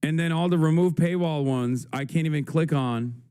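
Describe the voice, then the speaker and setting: A man's voice: fairly high pitch, moderate pace, dark tone, smooth. A young man hosting a livestream, reacting frantically and swearing as he thinks aloud. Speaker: livestream host. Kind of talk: casual livestream commentary.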